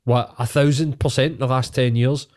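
A man's voice: mid-range voice, fairly even intonation, moderate pace, a little mellow. A man with a Scottish accent on a casual podcast, ranting and swearing heavily.

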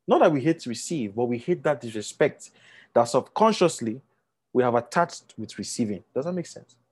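A man's voice: medium pitch, expressive, normal speed, breathy edge. A man giving a motivational talk to an audience, often checking that listeners follow and acting out quotes in a raised voice. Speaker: speaker addressing an audience.

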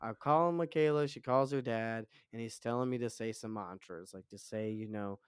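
A man in his twenties, a podcast guest, telling a wild story in a casual, profane and animated way. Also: medium pitch, moderate pace, clear, resonant tone, no room sound, studio quality. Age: 20s.

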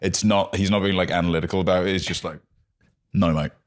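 A man's voice: low voice, little pitch movement, racing. A man co-hosting a podcast in casual chat, swearing and rambling through his commentary.

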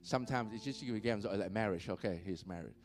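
A male pastor preaching a sermon in church, animated, laughing often and checking in with the congregation. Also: on the low side, quick pace, faint music behind.

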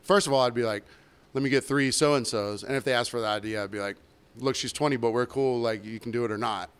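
Man, podcast co-host, smooth resonant voice, profane, rambling, casual. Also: mid-range voice, quick pace.

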